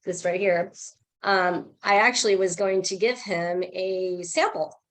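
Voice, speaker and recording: A woman's voice: mid-range voice, measured pace. Chatty woman telling a sales story. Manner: chatty, animated, acts out quoted dialogue. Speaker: team member sharing a sales story. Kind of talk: casual storytelling on a group call.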